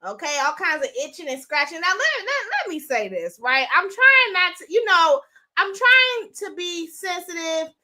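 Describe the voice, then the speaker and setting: A woman's voice: extremely high pitch, very animated, moderate pace, bright, forceful tone. A woman hosting a live stream, talking casually and bluntly to her viewers and swearing freely. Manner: chatty, blunt, profane. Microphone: phone.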